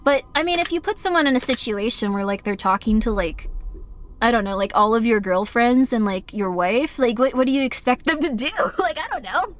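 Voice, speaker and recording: On a live game stream, a young woman with a fairly high voice talks candidly and rambles through her thoughts in casual chat. She's expressive and fairly quick, apologizes a lot, and puts "like" into almost every sentence.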